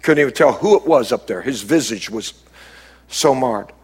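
Husky-voiced man preaching a sermon. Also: mid-range voice, animated, moderate pace. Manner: preaching with sudden swings from quiet to raised, emphatic. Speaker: pastor.

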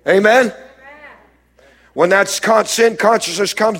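A man preaches a sermon in a husky, slightly high voice. He swings between hushed, low passages and emphatic, raised lines. He speaks as a pastor addressing his congregation. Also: lively intonation, normal speed, long pauses.

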